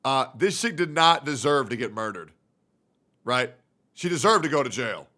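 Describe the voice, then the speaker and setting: A man streaming live, reacting loudly and swearing as he talks to his chat and works things out aloud. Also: mid-range voice, lively intonation, moderate pace. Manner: loud, profane, thinks out loud and talks to chat. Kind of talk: casual livestream reaction.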